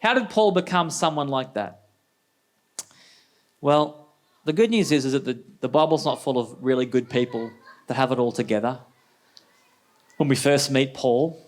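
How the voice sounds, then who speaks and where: A man preaching a sermon as pastor, energetic and conversational, throwing rhetorical questions at the congregation. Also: mid-range voice.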